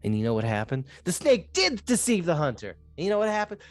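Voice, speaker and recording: A game master narrating a tabletop role-playing game with animated storytelling and frequent laughs. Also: medium pitch, fast talker, hardly any pauses, soft background music.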